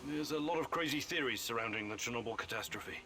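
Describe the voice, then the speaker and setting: An actor playing a polite, inquisitive male professor who speaks in a measured way. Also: mid-range voice, background noise, lightly acted.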